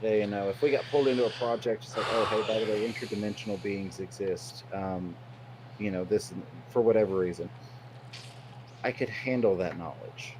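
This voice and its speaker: A man's voice: on the low side, fairly quick, noisy background. A man talking as a stream guest, in long-winded, earnest casual chat.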